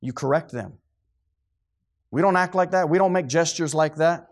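A man's voice: a little high, normal speed. A middle-aged man preaching a sermon to a congregation, fervent and preachy, sometimes losing his train of thought.

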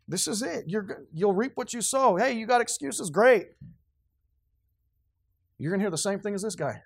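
Man, high voice, pastor, fervent sermon, quiet asides, loud emphasis. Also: animated, normal speed, creaky, pauses often, husky, no room sound, studio quality.

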